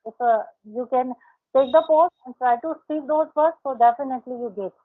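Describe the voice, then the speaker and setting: A fairly high-voiced woman coaching a learner over an online call, often repeating words as she works through how they should sound. The audio is narrow and tinny, like a phone line. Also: brisk, slightly rough. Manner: repeats words while correcting pronunciation. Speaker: host, English speaking coach. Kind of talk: casual practice conversation.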